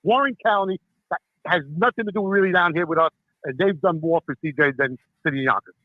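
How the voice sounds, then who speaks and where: A man's voice: on the high side, fast talker, dry recording. A middle-aged man calling in, upset and impassioned, who keeps repeating "listen" and "okay". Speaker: caller. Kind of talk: emotional call-in talk. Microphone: phone. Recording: tinny phone line.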